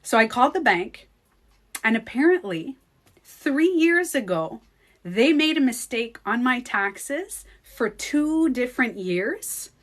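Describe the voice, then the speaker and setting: A woman and beauty coach talking to her viewers in a casual vlog. She is chatty, restarts her sentences, and swings between hushed asides and excited retelling. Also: on the high side, slow.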